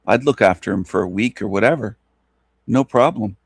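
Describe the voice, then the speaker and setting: A man's voice: lowish voice, brisk, vocal fry, slightly rough, dry recording, clean studio sound. A man hosting a show, talking in a rambling, repetitive, mocking monologue. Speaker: show host.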